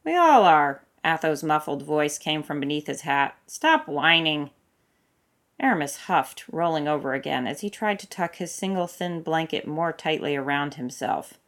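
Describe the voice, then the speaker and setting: A woman reads a story aloud with steady, expressive narration. Her voice is notably low for a woman, calm, and even. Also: normal speed, few pauses. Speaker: fanfic reader. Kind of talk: storybook reading.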